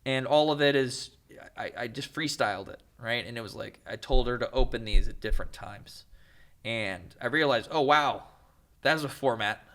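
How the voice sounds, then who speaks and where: A young man talking as a podcast guest in easy, animated stretches, laughing and slipping into little acted-out voices. His pitch sits in the middle for a man. It is casual chat, not a prepared talk. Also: moderate pace.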